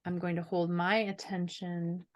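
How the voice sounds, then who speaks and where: Woman host talking real slow and calm, kinda low voice, walks thru a scan step by step. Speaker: host and energy coach. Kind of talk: casual chat with guided device scan.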